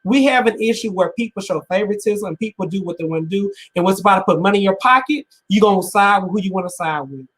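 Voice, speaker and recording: A man's voice: high voice, quick pace, hardly any pauses, a bit bright. A man co-hosting a talk show, speaking with raw emotion and close to tears, repeating himself as he builds to urgent pleas. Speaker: podcast co-host. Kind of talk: impassioned panel commentary.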